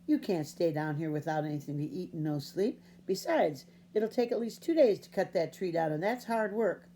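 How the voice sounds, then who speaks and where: A woman voicing a gentle, calm farmer father in a storybook reading, speaking slowly and softly. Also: on the low side, slight background noise. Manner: slow, calm and soft.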